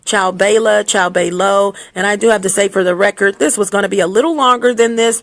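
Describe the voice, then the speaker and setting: A woman records a casual rant on her phone and speaks plainly to her viewers. Her voice sits in a middle pitch, and her manner is blunt and scolding, with quick laughs and false starts along the way. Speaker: vlogger giving advice. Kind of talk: casual unscripted rant to camera.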